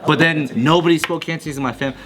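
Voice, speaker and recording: A man's voice: a little high, steady tone, fast, a bit bright, soft background music. A man in casual podcast chat, rambling through a personal story. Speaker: podcast host.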